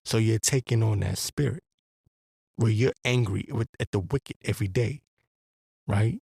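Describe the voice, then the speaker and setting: Gravelly low-voiced man ranting. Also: a little slow, warm tone, no room sound, studio quality. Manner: blunt, profane, preacher-like rant; rambling with restarts. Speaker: podcast host. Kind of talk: religious commentary monologue.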